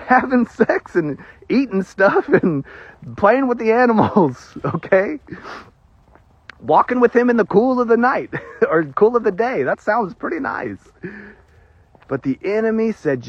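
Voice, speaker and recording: A man preaching a sermon, animated and prone to nervous giggling as he explains scripture. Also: high voice, slow, long pauses, no echo. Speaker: pastor. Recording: dull lo-fi recording.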